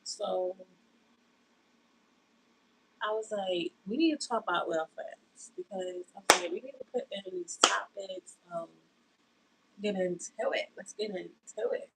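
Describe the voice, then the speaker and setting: A woman's voice: mid-range voice, measured pace, pauses often, background noise. A woman chatting casually on a livestream from her bedroom, sitting on her bed, greeting viewers and rambling about friendship, saying y'all a lot. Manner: drawling, says y'all. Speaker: livestream host.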